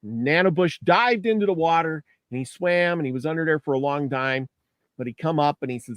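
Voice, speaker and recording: A man's voice: fairly high pitch, fairly quick, clean tone, no room sound. Folksy male storyteller, dry sound. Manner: casual, folksy, restarts phrases. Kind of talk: casual storytelling.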